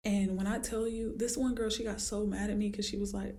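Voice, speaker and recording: A woman hosting a solo podcast as a fitness trainer, talking casually and acting out her clients in high squeaky voices as she tells stories. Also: brisk, gravelly, a little hiss or hum. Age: adult with a daughter. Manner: animated storytelling, acts out clients in high voices.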